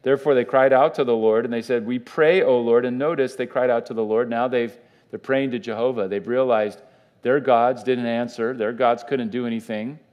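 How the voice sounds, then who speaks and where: A man's voice: mid-range voice, fairly even intonation, fairly quick, dull audio. A man, a pastor, giving a conversational Bible teaching in church, with fillers and restarts.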